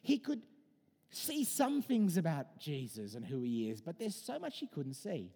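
A man in his thirties preaching a sermon in a conversational, animated way, mixing in personal stories. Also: a little high, measured pace, breathy edge, big-room sound. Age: 30s.

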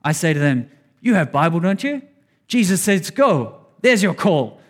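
A man's voice: high voice, sing-song, measured pace, pitched above the performer's own voice, heavily acted. A man voicing a cheerful, insistent male Thai pastor with a put-on Thai accent, repeating his words.

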